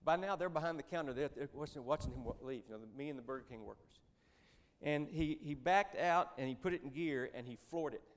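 A man's voice: on the high side, fast. Lay speaker, man, fifties, folksy storyteller with dry humor. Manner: conversational, folksy, with joking asides. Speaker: Christian businessman speaker. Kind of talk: storytelling church talk.

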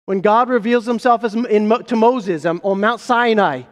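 Male pastor, sermon, emphatic and rhetorical, long hall reverb. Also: high-pitched. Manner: emphatic, rhetorical questions, slows for key phrases.

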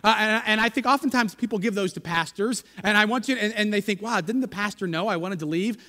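Speaking fast in a high, bright voice, an American male pastor tells a rambling, self-deprecating sermon story in a church sanctuary. He keeps pausing for asides to the congregation, and his voice echoes through long hall reverb.

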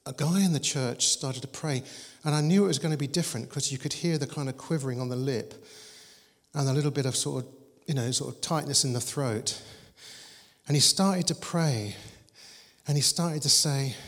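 Preacher in a reverberant church. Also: male voice, medium pitch, normal speed. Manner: conversational storytelling preacher, animated and humorous. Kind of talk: sermon. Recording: long hall reverb.

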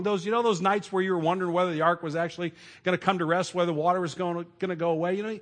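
A middle-aged man preaching a sermon to his congregation in a relaxed storytelling way, with asides and restarts. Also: high-pitched, fast. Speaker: pastor.

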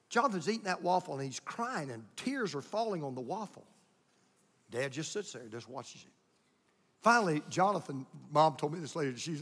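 A man's voice: fairly high pitch, a bit bright, slightly rough, big-room sound. An older male pastor preaching a sermon with folksy, emphatic storytelling.

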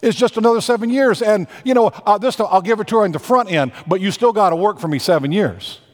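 A man's voice: high voice, fast, pitched above the performer's own voice, lightly acted. A man voicing a crafty, scheming older man who feigns innocence in a wheedling way, in a sermon in an echoey hall.

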